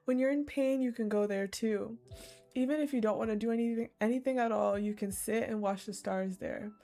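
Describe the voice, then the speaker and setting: A woman reading a queen mother's loving letter to her son, gently and slowly. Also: a little high, fairly even intonation, soft background music, close to an everyday voice. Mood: tender.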